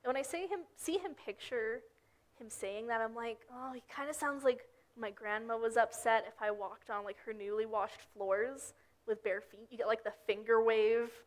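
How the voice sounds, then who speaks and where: A woman's voice: on the high side, normal speed. Young woman preaching, storytelling voice. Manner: storytelling, acts out characters' lines. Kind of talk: casual sermon.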